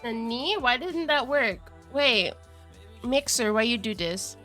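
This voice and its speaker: Bright, giggly young woman streamer. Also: on the high side, slow pace, soft background music. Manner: giggly, excitable, chats to viewers. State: congested from a cold, chewing cough drops. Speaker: VTuber streamer. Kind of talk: casual live-stream chat.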